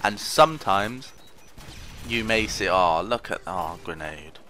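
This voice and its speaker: A man with a low voice rambles through casual gameplay commentary, joking at his own expense and taunting the players he meets. His tone is bright and forceful, with a faint hiss of noise underneath. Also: lively intonation, slow pace. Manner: rambling, self-mocking, trash-talks opponents. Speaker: gaming commentator.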